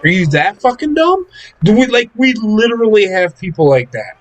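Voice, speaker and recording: A young man chats on a gaming stream, with a high and lively voice that jumps around. He tells his stories with plenty of swearing and laughter. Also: normal speed, lo-fi sound, a faint crowd. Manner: profane, laughing storyteller. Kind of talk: casual chat.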